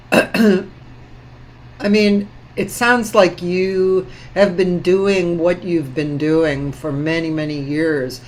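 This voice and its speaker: A woman hosts a relaxed interview, feeling her way through each question. She speaks slowly and often trails off or starts over. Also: on the low side, a little hiss or hum. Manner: unhurried, halting, with fillers. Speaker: host. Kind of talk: casual interview.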